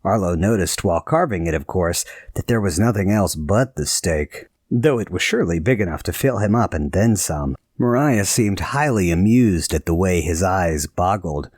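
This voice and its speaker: A man narrating a novel in a measured storytelling voice. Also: low-pitched, lively intonation, darkish tone, no echo. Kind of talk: scripted audiobook narration.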